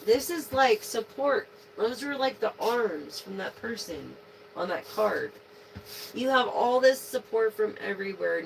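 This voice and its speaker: A woman's voice: on the low side, vocal fry, a little hiss or hum, poor audio. A woman giving a casual live tarot reading, slangy and profane, speaking to her viewers as a collective. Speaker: tarot reader.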